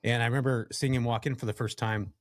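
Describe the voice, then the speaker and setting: A man from California, a podcast guest, telling a story from his working life in a casual, animated way and addressing the listeners directly. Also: medium pitch, quick pace, dry recording, studio quality. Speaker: podcast guest, real estate investor.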